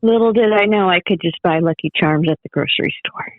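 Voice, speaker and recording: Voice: medium pitch, a little fast, dry recording. Giggly co-host on a tinny line. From Italian. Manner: giggly, easygoing. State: a little ill. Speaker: podcast co-host. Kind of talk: casual podcast chat. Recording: tinny phone-like remote line.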